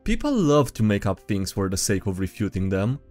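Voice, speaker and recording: A man's voice: on the low side, very animated, normal speed, a little mellow, faint music behind. A man hosting a video, reading and reacting to tabletop game memes in playful, casual commentary and laughing often.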